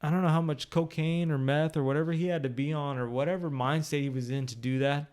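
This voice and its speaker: A man's voice: a little high, fairly even intonation, fast talker, darkish tone, clean tone. Male podcast guest, candid storyteller, profane and blunt, recorded at home. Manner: blunt and profane, with many fillers. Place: living room of his home.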